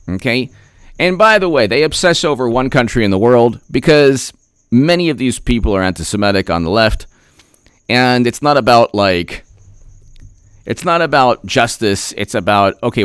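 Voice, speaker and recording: A man giving a heated, sarcastic political commentary rant, repeating himself and clearing his throat often. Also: mid-range voice, big pitch swings, normal speed, no echo, studio quality. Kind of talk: opinion rant vlog.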